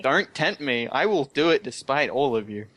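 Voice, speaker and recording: A man with an Australian accent playing in a tabletop game, eager and excitable. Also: mid-range voice, normal speed, dry recording. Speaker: player.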